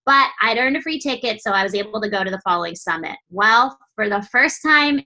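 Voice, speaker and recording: A young woman coach gives her team a blunt, lively pep talk at medium pitch. She swears often and tosses in quick asides imitating other people.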